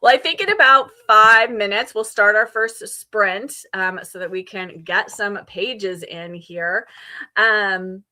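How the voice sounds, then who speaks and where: A woman's voice: mid-range voice, slow, pushed and bright. A woman hosting a livestream readalong, chatting casually and laughing often. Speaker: livestream host. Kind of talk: casual chat.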